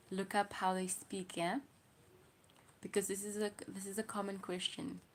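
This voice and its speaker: A young woman with a South African accent, hosting a casual livestream, musing slowly and often sinking to a whisper as she reads comments. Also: mid-range voice, slight background noise. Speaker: livestream host.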